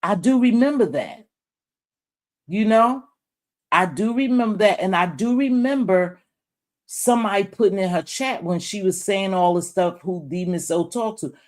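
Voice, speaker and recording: A woman's voice: mid-range voice, normal speed. Woman streamer, loose rambling commentary, chats straight to viewers and fellow creators. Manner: rambling, talks straight to chat and other creators; calls viewers terms of endearment. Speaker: YouTube live-stream commentator. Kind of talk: casual live-stream commentary.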